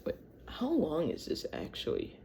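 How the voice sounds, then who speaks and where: Michigan accent, slow delivery, reads history aloud, trips over words, wanders into side chatter, casual video host. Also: mid-range voice, wildly swooping pitch, gravelly, dark tone, slight background noise. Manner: stumbles over words, gets sidetracked, chatty. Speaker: channel host.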